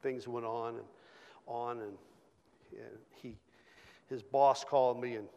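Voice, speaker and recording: A man telling a personal testimony in an informal sermon, halting with repeated words and fillers. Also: medium pitch, fairly even intonation, vocal fry, darkish tone, long reverb tail, muffled recording, slight background noise. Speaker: church speaker sharing a testimony.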